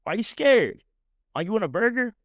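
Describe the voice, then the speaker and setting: A man doing a pushy, needling young guy who taunts in a raised, cocky voice. The delivery is quick, dry and close to the mic. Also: high voice, very animated, a bit bright, dry recording, pitched above the performer's own voice, exaggerated voice. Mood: taunting.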